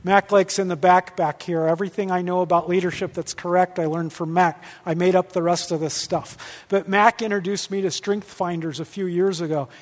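A male pastor teaching on leadership in a lively, joking way, acting out quoted dialogue. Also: high-pitched, moderate pace. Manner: animated, jokey, acts out quoted dialogue. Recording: long hall reverb.

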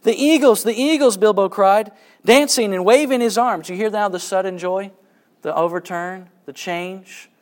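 A man giving a literature lecture, reading passages aloud with dramatic swings between excitement and hushed quiet. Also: medium pitch. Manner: dramatic reading, rising with excitement and dropping to a hush.

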